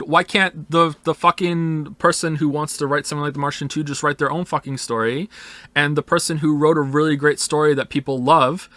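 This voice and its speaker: A man's voice: on the high side, fairly even intonation, a little fast, a bit bright, no room sound. A man streaming casually, rambling and swearing as he answers chat, sometimes acting out imagined voices. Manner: rambling, profane, emphatic; acts out imagined voices in quotes. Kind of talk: casual chat responding to viewers.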